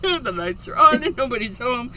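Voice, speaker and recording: Bright, high-voiced giggly woman host. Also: very animated, moderate pace, a little hiss or hum. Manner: giggly, chatty, reads viewer comments aloud. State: tired. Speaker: livestream host. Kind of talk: casual livestream chat.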